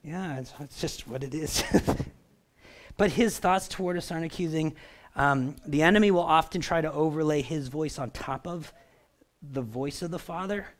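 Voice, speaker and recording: A man preaching a sermon in a relaxed, conversational way, often checking in with the congregation. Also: on the high side, normal speed. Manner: animated, conversational, asks the crowd for response. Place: church.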